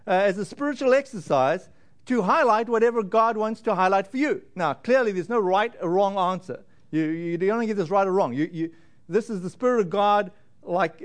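A man preaching as a pastor in church, gentle and halting, with frequent restarts and fillers. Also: sits high. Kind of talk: sermon.

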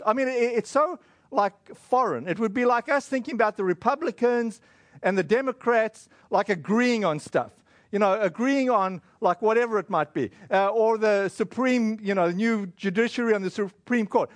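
A man, giving a casual, conversational sermon that retells a scripture story, with fillers and quick acted asides. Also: sits high, lively intonation, dry recording. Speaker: preacher.

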